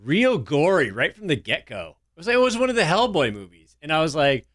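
A man from the northern US trades stories on a radio show. His pitch swings widely as he tells them, and he slips into mock news anchor voices. The sound is close and dry. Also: a little fast, no echo. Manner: lively storyteller, mimics anchor voices. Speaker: radio co-host. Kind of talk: casual banter.

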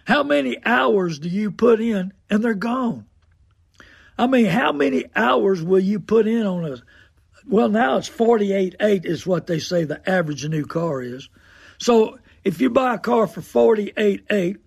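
A man's voice: high-pitched, a little slow, creaky, breathy edge, no echo, clean studio sound. An older man, talking as a radio host in a folksy, preachy monologue that repeats phrases for emphasis. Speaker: radio host and car dealer.

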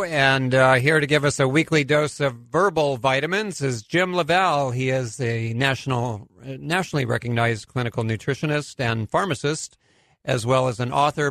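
A man's voice: medium pitch, normal speed, a bit bright, dry recording. A middle-aged man hosting a radio show at a studio microphone, chatting casually, laughing often, with plenty of fillers.

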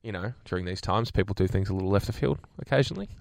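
A man's voice: low voice, rapid-fire, vocal fry, no room sound, clean studio sound. A man hosting casual breakfast radio, telling rambling stories with chuckles. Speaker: radio host. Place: radio studio. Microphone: studio microphone.

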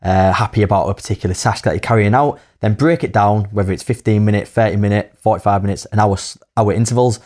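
A man's voice: fairly low pitch, quick pace, hardly any pauses, a little mellow. A man with a Hull accent, co-hosting a podcast in casual chat and working through a numbered list of tips. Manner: laughs easily, lists points in turn. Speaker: podcast co-host.

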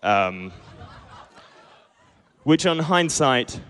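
A man's voice: medium pitch, big pitch swings, extremely slow, fairly bright tone, long reverb tail. A young man in his twenties from Perth with an Australian accent, telling a self-deprecating true story live on stage and acting out his own past lines. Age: 20s. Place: small pub stage.

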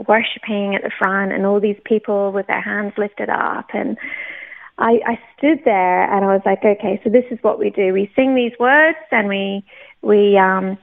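A young woman from the UK telling her personal faith story in a casual, animated way, laughing often and restarting her sentences. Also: medium pitch. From United Kingdom. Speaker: guest sharing testimony. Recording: narrow phone-like radio audio.

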